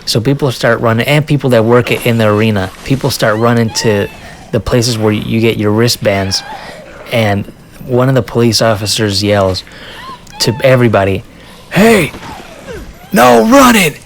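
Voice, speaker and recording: A man vlogger telling a casual story in an animated way, often laughing and acting out what people said. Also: lowish voice, normal speed, slight background noise. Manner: restarts and fillers, says dude.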